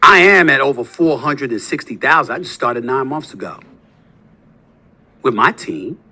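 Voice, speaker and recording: Forceful, combative man in his fifties. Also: animated, normal speed. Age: 50s. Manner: combative, taunting, rhetorical questions; swings between low muttering and loud outbursts. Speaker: sports talk host. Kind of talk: heated monologue.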